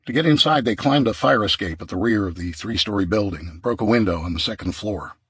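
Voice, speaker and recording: A man reading a survival audiobook in a steady, measured narration. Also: on the low side, husky.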